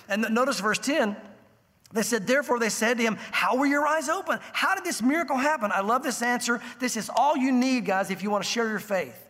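Casting: male pastor, very high-pitched, husky, lively storytelling sermon in a church with a long reverb tail. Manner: animated storytelling, acting out voices in the scene.

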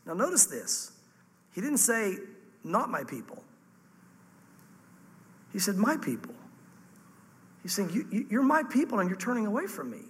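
A male pastor preaching a sermon fervently and emphatically, with sudden jumps up and drops down in pitch. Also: very animated, a little fast. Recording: long hall reverb.

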